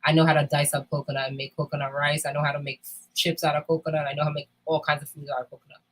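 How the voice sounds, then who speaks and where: A woman's voice: deep voice, flat delivery, racing, poor audio. A woman in candid casual chat, talking bluntly and emphatically with frequent swearing. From United States.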